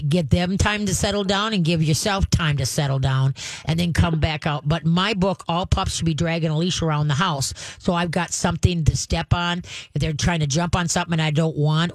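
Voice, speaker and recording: A woman's voice: fairly low pitch, no echo. A woman hosting a call-in radio show about dogs, giving training advice and acting out growls and dog voices as she talks.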